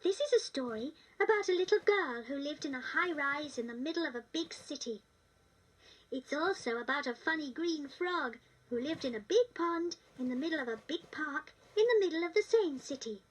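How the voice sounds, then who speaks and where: A woman's voice: high voice, animated, normal speed, recorded from a distance, poor audio. A woman voicing a cheerful little-girl talking doll with a British accent, narrating a children's storybook in a sweet, sing-song way.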